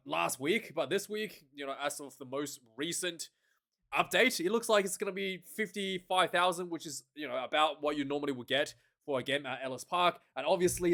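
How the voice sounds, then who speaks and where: A man's voice: a little high, a bit bright. A young man hosting casual rugby commentary, rambling and chatty, with frequent laughs and many fillers. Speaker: rugby commentator and channel host.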